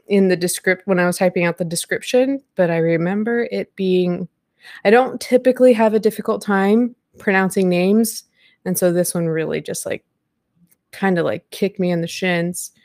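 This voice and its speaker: A woman's voice: fairly low pitch, darkish tone, dry recording, studio quality. Chatty woman hosting a live podcast. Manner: chatty, rambling, laughs often. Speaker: podcast host. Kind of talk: casual live-stream chat. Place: home room at a computer.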